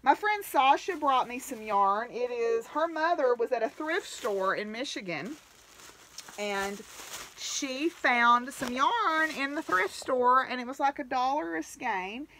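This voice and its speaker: A woman's voice: high-pitched, expressive, measured pace, bright, forceful tone, slight background noise. A woman hosting a knitting podcast, chatting casually and gratefully, with frequent exclamations. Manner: gushing, grateful, chatty with laughs. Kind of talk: casual chat to camera.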